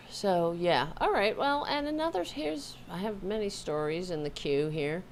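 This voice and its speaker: Host type: sarcastic woman, low-pitched, slow and animated, talking to her dog at home. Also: slight background noise. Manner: sarcastic, scolding, rambling asides. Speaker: host of a political livestream. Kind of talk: live-streamed political commentary.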